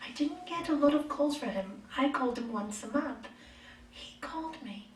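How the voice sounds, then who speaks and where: A middle-aged woman yoga teacher giving a spiritual talk, telling personal stories in an expressive, conversational way. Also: sits high, normal speed, slight background noise. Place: retreat meeting hall. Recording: echoey room, mic far off.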